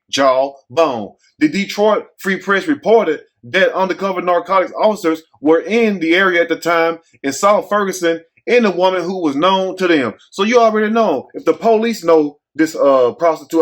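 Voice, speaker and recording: A man hosts a casual storytelling commentary with a slightly raised pitch. He talks bluntly and jokingly, throwing rhetorical questions at his listeners. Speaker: commentary show host.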